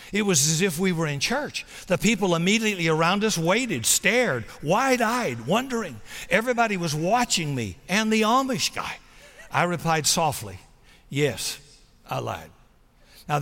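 A man preaching a sermon, telling a story with big swings between loud, acted-out moments and soft, hushed appeals. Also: sits high, big pitch swings, normal speed. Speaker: pastor. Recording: long hall reverb.

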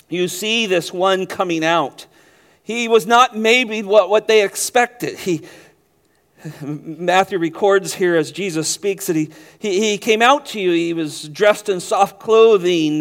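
A man preaching a sermon as pastor, rising to loud emphatic stretches and dropping to quiet low passages, often repeating words as he restarts a phrase.

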